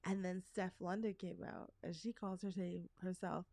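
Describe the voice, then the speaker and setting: A woman's voice: on the low side, little pitch movement, moderate pace, creaky, a little mellow, dry recording. Chatty middle-aged woman podcast host. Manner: chatty storyteller, rambling asides. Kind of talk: casual chat.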